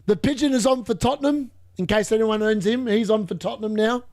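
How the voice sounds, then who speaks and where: A young man commentating live on football matches for a fantasy football stream, chatting along and bursting into shouts at near misses. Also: high voice, brisk. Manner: chatty, muttering asides between reactions.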